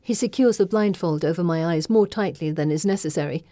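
A woman narrates a novel in the first person with steady, measured delivery. Her voice is mellow and a little low, recorded close and dry. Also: no room sound. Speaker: audiobook narrator.

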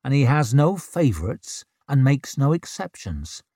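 A man voicing a weary male warrior who speaks quietly and softly. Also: sing-song, unhurried, dry recording, studio quality. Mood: grim. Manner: soft, low, quiet.

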